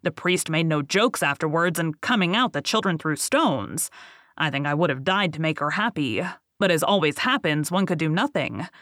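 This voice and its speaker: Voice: mid-range voice, animated, normal speed, a bit bright, no room sound, clean studio sound, natural voice. A reader voicing a weary old boatman. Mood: bitter. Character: weary older male boatman, bitter storyteller. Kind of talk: audiobook reading.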